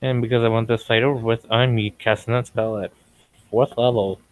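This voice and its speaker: A man's voice: medium pitch, little pitch movement, normal speed, dry recording, rough recording. A man playing a tabletop game, methodical as he works through his turn. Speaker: player.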